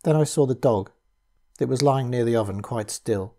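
A man giving a measured, grave first-person reading of a horror story. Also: mid-range voice, warm tone. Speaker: audiobook reader.

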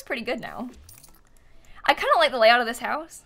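A woman's voice: a little high, animated, moderate pace, sharp tone. A woman live-streaming a life-sim game, chatting casually, thinking aloud as she builds and thanking viewers by name with frequent giggles.

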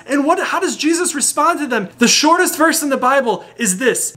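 Earnest priest speaking to youth. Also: male voice, very high voice, very animated, normal speed, hardly any pauses, fairly bright tone. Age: adult. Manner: earnest, direct address to listeners. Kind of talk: informal sermon for youth.

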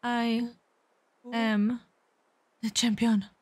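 Game voice: woman reading a brash, cocky kid, a bit high, unhurried. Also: level tone, a little mellow, dry recording. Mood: boastful.

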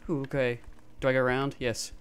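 A man giving live gameplay commentary through a gaming headset, excitable and quick to yelp and laugh in fights. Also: mid-range voice, slight background noise. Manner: excitable, frequent yelps and laughs during fights. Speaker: gamer.

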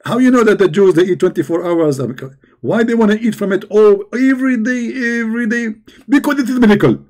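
A man putting on a shrill, excitable preacher. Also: close to an everyday voice. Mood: mocking. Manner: rapid, shrill, childish boasting. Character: excitable, boastful male preacher, middle-aged.

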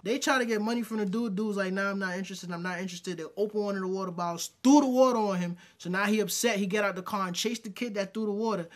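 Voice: mid-range voice, quick pace, hardly any pauses. A podcast co-host giving blunt, slangy casual commentary and reactions.

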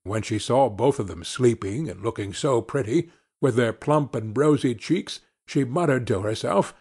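A man narrating a fairy tale slowly and expressively for a children's audiobook. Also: medium pitch, slightly rough. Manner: slow, expressive storytelling.

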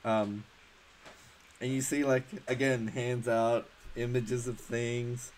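A man's voice: mid-range voice, level tone, slow pace, slight background noise, rough recording. A man narrating as game master for a tabletop game, hesitant and full of fillers and restarts.

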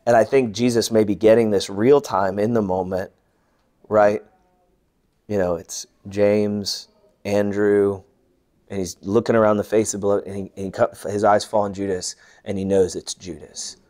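A man teaching a bible class, earnest and lively, voicing the people he quotes and dropping to a hush for tender moments. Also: fairly low pitch, moderate pace. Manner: earnest, animated when quoting, softening to hushed. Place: large room or hall.

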